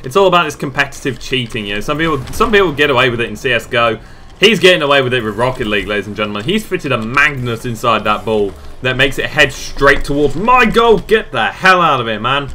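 A man commenting on his own match as a gaming channel host, excitable and self-mocking, often shouting and groaning at the game. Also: mid-range voice, quick pace, slight background noise. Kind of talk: let's play commentary.

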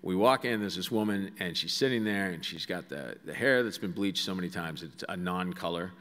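Fairly quick and fairly bright, with a voice that sits low, a middle-aged Boston-accented author entertains an auditorium crowd. His talk is wry, anecdotal storytelling with asides, heard through long hall reverb in the large room.

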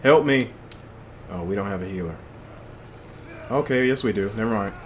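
A man's voice: fairly low pitch, fairly quick, slight background noise. A young man giving loose, slangy commentary to himself while playing a shooter game. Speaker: gaming channel host. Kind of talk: casual gameplay commentary.

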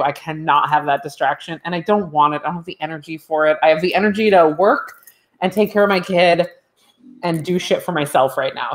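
Casual podcast co-host: young woman, lowish voice, frank, chatty, easy laughter. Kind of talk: casual chat.

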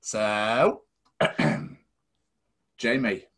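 A man's voice: lowish voice, drawn-out words, fairly bright tone. A man co-hosting a podcast in casual chat, rambling and swearing freely. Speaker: podcast co-host.

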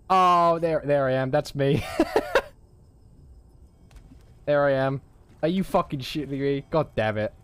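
A man's voice: mid-range voice, normal speed, fairly bright tone, clean tone, dry recording. A man, casually commenting on his gameplay, swearing often and laughing a lot. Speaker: gaming streamer.

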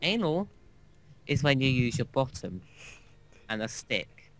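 A man chatting over a strategy game, rambling through a crude story in a bright, clear, forward voice. His delivery is loose, full of fillers and asides, at a middle pitch. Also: big pitch swings, slow, no room sound. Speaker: gaming co-host. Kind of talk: casual gameplay chat.

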